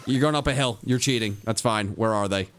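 A man streaming a video game live, muttering to himself and joking with chat, sometimes breaking into high-pitched yelling. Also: fairly quick, faint music behind. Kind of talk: live gameplay commentary.

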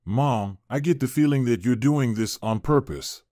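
A man's voice: medium pitch, moderate pace, mellow, no room sound, clean studio sound, natural voice. A man reading the lines of a firm, protective young husband who sounds exasperated.

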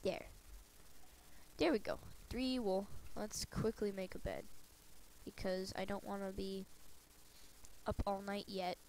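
Slow, mellow-voiced woman with a cold. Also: mid-range voice, fairly even intonation, a little hiss or hum, poor audio. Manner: chatty self-talk with sing-song asides. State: has a cold. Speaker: let's play gamer. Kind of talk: casual gameplay commentary.

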